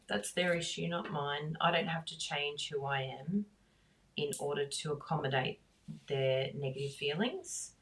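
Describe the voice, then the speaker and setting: A middle-aged woman, hosting a craft class and chatting in a rambling, warm way that breaks into laughs. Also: low-pitched, recorded from a distance, slight background noise. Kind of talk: chatty talk while crafting.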